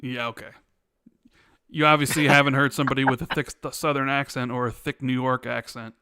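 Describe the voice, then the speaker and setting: A man's voice: mid-range voice, flat delivery, fairly quick, pushed and bright, clean tone, no room sound, clean studio sound. A man with a Chicago accent co-hosting a casual podcast, rambling and reading viewer questions aloud. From Chicago, USA. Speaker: podcast co-host.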